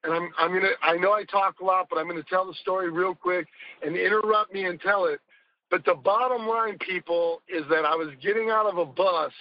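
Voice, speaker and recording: A man's voice: sits high, highs cut off. A man speaking as a podcast guest, telling rambling, emphatic stories in casual conversation and swearing now and then.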